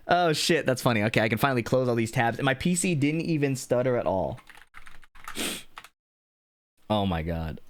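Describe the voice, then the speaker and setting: Guy streaming and rambling, swears a lot, voice bounces up and down, mid pitch. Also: moderate pace. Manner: animated, laughing, swears casually. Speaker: streamer and video maker. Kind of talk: casual live-stream chat.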